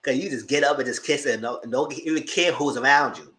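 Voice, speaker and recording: A man hosting a channel, recapping TV episodes in casual, gossipy commentary, swearing freely and jumping into squealed exclamations. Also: fairly quick. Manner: animated, gossipy retelling with frequent swearing; breaks into high squealing exclamations. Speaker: TV show reviewer and channel host.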